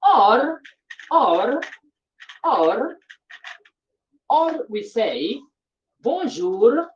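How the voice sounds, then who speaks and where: A French teacher leads a classroom language lesson in a sing-song voice on the high side. She speaks slowly and repetitively, checking often that her students follow, and the recording is dull and lo-fi.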